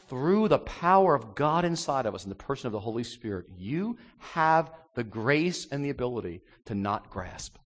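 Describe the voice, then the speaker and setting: A male pastor delivers an animated sermon and acts out voices as he goes. His pitch swings widely from phrase to phrase, and long reverb hangs behind his words.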